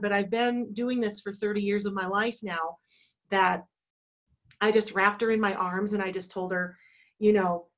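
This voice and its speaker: A woman in her forties from Colorado, telling stories in a heartfelt, halting way and getting teary. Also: mid-range voice, fairly even intonation, a bit bright, highs cut off. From Colorado, USA. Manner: emotional, heartfelt, halting with restarts. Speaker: entertainment company owner. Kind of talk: reflective storytelling in a virtual talk. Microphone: video call.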